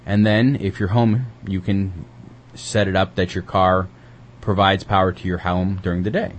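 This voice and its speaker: A man's voice: deep voice, steady tone, moderate pace, highs cut off, a little hiss or hum. A man co-hosting a community radio show, chatting casually and reading news, rambling with lots of hesitant fillers.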